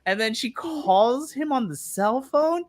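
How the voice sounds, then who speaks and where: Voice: medium pitch, lively intonation, slow, dry recording. A podcast co-host giving a casual recap, chatty, laughing often and acting out their own reactions. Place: remote live stream.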